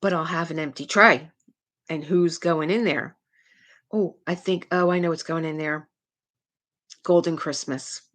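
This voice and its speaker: Middle-aged woman host of a casual live stream: a slightly low voice, talkative and rambling, with frequent laughs and filler words. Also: steady tone, measured pace, long pauses, a bit bright. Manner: chatty and rambling, laughs often, many "like" fillers. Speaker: livestream host. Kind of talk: casual chat to a live chat audience.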